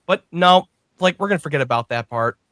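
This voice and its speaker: Bright-voiced man in a dry room. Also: on the high side, fairly quick, dry recording. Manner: animated, laughs often, jumps into quoted voices. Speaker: podcast co-host. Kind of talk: casual chat.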